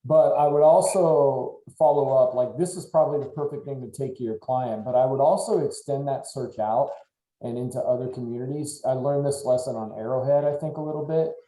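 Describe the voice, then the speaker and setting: A man with a very dark, mellow voice at a middle pitch. He chimes in relaxed and easygoing during a team training, and the room around him sounds echoey. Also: brisk. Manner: relaxed, adds his own experience to the lesson. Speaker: real estate agent colleague. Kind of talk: casual chat in a training meeting. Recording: roomy echoey meeting room.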